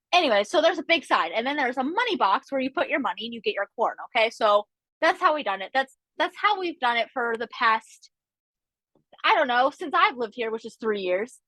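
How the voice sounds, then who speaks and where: A woman's voice: on the high side, dry recording, low-quality recording. A woman co-hosting a podcast, telling a funny story in casual chat with lots of asides. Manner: animated, chatty, with frequent asides. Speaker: podcast co-host.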